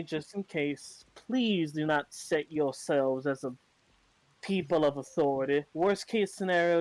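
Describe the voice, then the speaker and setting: A man talking as a player in a tabletop game, earnest and halting with restarts. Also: a little high, no echo, low-quality recording. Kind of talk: tabletop role-play table talk.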